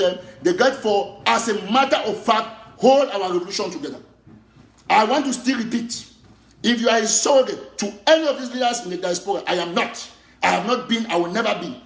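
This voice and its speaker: A man's voice: high voice, echoey room. A man with a Cameroonian Pidgin English accent, an activist giving an impassioned, repetitive political monologue.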